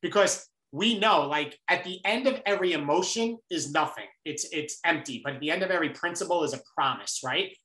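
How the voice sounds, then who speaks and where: A man with a New York accent, a guest author giving energetic, emphatic motivational talk in an interview. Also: a little high, brisk, hardly any pauses, reverberant, poor audio.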